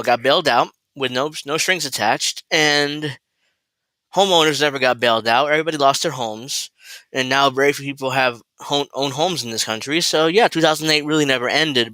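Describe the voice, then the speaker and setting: A man hosts a loose political commentary livestream, wandering off on tangents and mocking what he reads with easy profanity. His voice is bright and forceful. The sound is close and dry, with no room around it. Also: mid-range voice, dry recording. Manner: rambling, sardonic, swears freely. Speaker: host. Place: at home, cooking while streaming.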